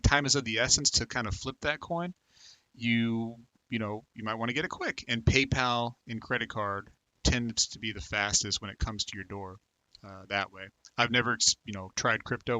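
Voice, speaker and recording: A man's voice: mid-range voice, bright, forceful tone, no echo. A man in his thirties hosting a casual livestream, chatting loosely with viewers, reading their comments aloud and rambling with plenty of fillers. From United States. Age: 30s. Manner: rambling, filler-heavy, talks to viewers by name. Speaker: livestream host.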